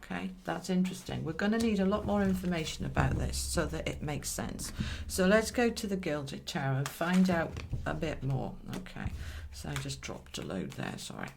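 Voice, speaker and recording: A British woman reading tarot cards in a relaxed, chatty way, her voice sitting a touch low. She reassures her viewers and talks to the cards as she draws them. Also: moderate pace, creaky, background noise. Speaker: tarot reader. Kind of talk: monthly tarot reading to camera.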